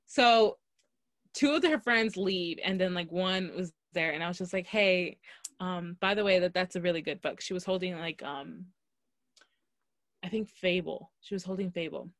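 A young woman co-hosting a podcast, telling a story in a lively, laughing way and acting out what people said. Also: on the low side, moderate pace, no room sound, clean studio sound. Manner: animated, laughing, acts out quotes. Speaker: podcast co-host. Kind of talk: casual storytelling chat. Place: Los Angeles.

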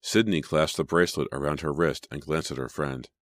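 Man, audiobook narrator, very deep voice, measured storytelling, dry close recording. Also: steady tone, no echo. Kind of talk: scripted narration.

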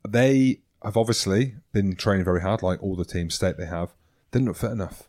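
A man's voice: sits low, moderate pace, darkish tone. A Scottish man co-hosting a rugby podcast, blunt, jokey and self-mocking in casual banter. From Scotland. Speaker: podcast co-host.

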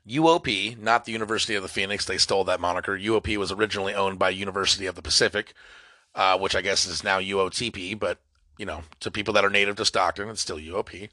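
A young man hosting a comedy podcast, rambling through a solo monologue that swings from mock-dramatic outbursts to low mutters. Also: steady tone, fast talker, bright, forceful tone, no room sound, studio quality. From California. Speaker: podcast host.

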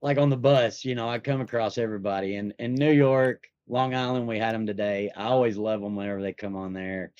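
A man's voice: lowish voice, brisk, few pauses, a little mellow, clean tone, no echo. Laid-back rambling man, dull lo-fi mic. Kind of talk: casual chat.

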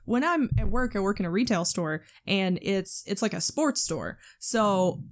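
A woman's voice: medium pitch, animated, measured pace. Woman, Southern accent, chatty co-host, frequent agreeing and casual swearing. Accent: Southern American. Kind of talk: casual chat.

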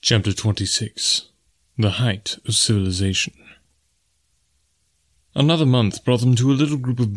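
Speaking at medium pitch, a man narrates a scripted audiobook in an even, unhurried storytelling manner.

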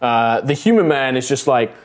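A man's voice: mid-range voice, expressive, moderate pace. Guy running a tabletop game, casual, lots of ums, voice goes up and down a lot. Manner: casual, hesitant with fillers. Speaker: game master.

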